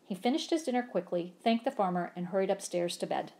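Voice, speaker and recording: Animated woman reading a storybook. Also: medium pitch, fast talker. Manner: animated, acts out sound effects.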